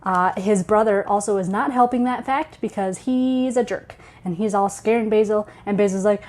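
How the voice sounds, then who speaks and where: A woman's voice: medium pitch, normal speed, few pauses, darkish tone. Woman, webcomic marketer; casual, playful comic read-aloud. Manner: chatty, playful retelling.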